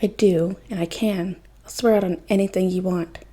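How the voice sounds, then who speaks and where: A woman reading a gentle, steady father. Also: lowish voice, slightly rough. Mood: earnest. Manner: calm, measured and reassuring. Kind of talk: podfic reading.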